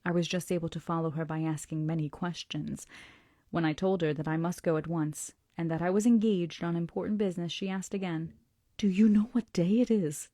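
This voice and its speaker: A woman reading a classic novel aloud to her book club, slow and deliberate, slipping into soft whispers for effect. Her voice sits low and mellow, and the sound is dry and close. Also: fairly even intonation, dry recording.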